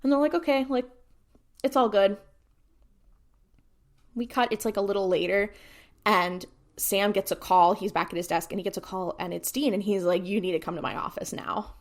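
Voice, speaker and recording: A woman's voice: medium pitch, normal speed, long pauses. A woman co-hosting a podcast, casually recapping an episode and acting out the characters' lines with lots of "like". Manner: animated retelling, acts out character lines. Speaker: podcast co-host.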